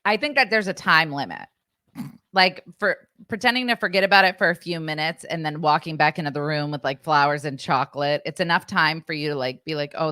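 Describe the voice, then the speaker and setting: A woman's voice: low voice, pushed and bright, dry recording, studio quality. A woman co-hosting a parenting podcast, reacting in casual chat with blunt, teasing remarks. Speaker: podcast co-host.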